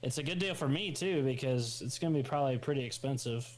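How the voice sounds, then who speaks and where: A man's voice: medium pitch, quick pace, rough recording. A man chatting casually on a podcast, rambling and restarting his sentences as he talks about building a home. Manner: rambling, hesitant with many restarts. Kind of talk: casual chat.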